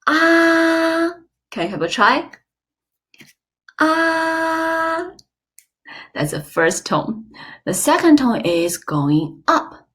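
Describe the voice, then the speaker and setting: A woman teaching an online lesson, slow and clear, with playful examples. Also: fairly low pitch, big pitch swings. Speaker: Chinese teacher.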